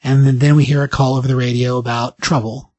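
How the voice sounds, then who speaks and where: A man hosting a podcast, casually recapping a comic book story in an animated way, briefly acting out the characters' lines. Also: mid-range voice, fast, dry recording. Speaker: podcast host.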